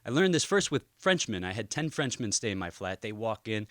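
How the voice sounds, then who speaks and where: An American man in his thirties doing a stand-up comedy routine, telling a story with energetic delivery. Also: mid-range voice, normal speed, dry recording, studio quality. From United States. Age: 30s. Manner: animated storytelling, exaggerated put-on voices.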